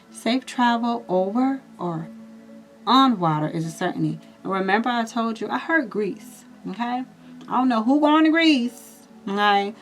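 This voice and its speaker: A woman giving a casual astrology and tarot reading, chatty and reassuring, speaking directly to her viewers. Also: a little high. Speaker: tarot reader.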